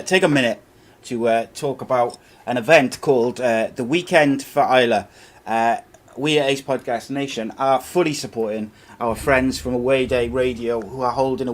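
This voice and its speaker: Upbeat Scottish man hosting a podcast. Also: medium pitch. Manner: upbeat, calls people mate, reads promos. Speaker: podcast host. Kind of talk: podcast intro and casual chat.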